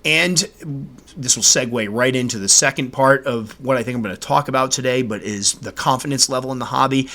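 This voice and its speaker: A man hosting his own podcast and talking casually on his own. He tells stories with animated delivery and voices his own exasperated reactions. His voice sits in a middle pitch. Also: a little fast. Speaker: podcast host. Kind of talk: casual solo podcast talk.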